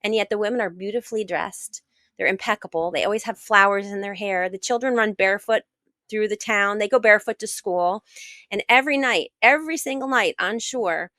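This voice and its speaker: An American woman, middle-aged, a guest author and sailor telling her story in a casual interview, animated and acting out what others said. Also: mid-range voice, no echo. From United States. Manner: animated, acts out quoted dialogue.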